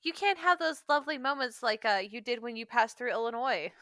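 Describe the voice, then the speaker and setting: A woman co-hosting a podcast in casual chat, playful and quick to laugh along. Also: a little high, lively intonation, a bit bright, no room sound, studio quality. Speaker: podcast co-host.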